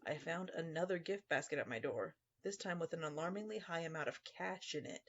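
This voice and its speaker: A man's voice: a little high, lively intonation, fairly quick, fairly bright tone, muffled recording. A man narrating a scripted first-person horror story in a dry, sarcastic tone.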